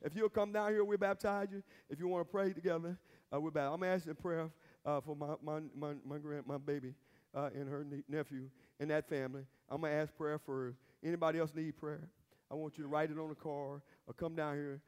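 A man's voice: on the high side, level tone, fairly quick, darkish tone, clean tone. A man preaching a sermon as pastor, with emphatic call-and-response and repeated phrases, recorded in a church sanctuary. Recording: long reverb of a church hall.

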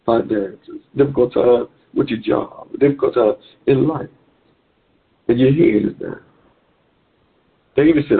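A man's voice: mid-range voice, unhurried, gravelly, pauses often, breathy edge. A man preaching a sermon to listeners on a conference call, exhorting in a repetitive preaching cadence. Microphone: phone call. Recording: tinny phone line.

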